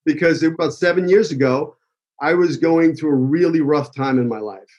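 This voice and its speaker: Speaking at a normal speed, this New York-accented man has a fairly high pitch and a darkish tone, captured in dull audio. He runs an acting school and offers a heartfelt personal tribute speech, emotional and rambling, with many fillers.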